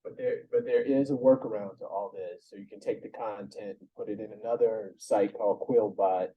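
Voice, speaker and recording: A man's voice: fairly low pitch, fairly even intonation, brisk, highs cut off. A man adding to a conference presentation, telling anecdotes in a conversational way. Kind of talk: conference talk. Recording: distant mic.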